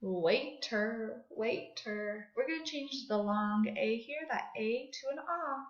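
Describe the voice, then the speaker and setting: Woman teacher, high bright voice, very slow exaggerated phonics drills, echoey room. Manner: slow, exaggerated sounding out of words for children. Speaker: second grade teacher. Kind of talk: online phonics lesson. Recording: echoey room, dull lo-fi audio.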